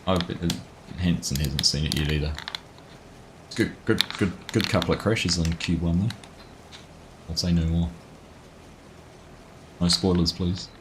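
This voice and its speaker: A man hosting a live game stream, chatting with viewers in a relaxed way while he plays. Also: sits low, a little slow, long pauses, background noise. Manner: chatty, greets viewers by name, relaxed asides. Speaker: gaming livestream host. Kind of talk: casual chat while playing live.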